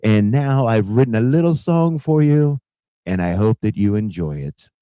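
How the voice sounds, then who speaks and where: A man's voice: fairly low pitch, lively intonation, moderate pace, warm tone, slight background noise, natural voice, rough recording. A man putting on an impression of a boastful older male politician who rambles and repeats grand superlatives.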